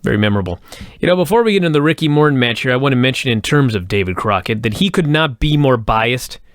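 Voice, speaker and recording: A man's voice: mid-range voice, expressive, fast talker, no room sound, clean studio sound. Wry male wrestling podcast co-host. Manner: wry, joking banter. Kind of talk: casual review chat.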